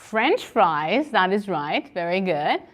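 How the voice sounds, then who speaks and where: Over a video call, a woman teaches an online English conversation class, encouraging her learners and repeating words slowly for them. Her voice is medium-pitched with big pitch swings.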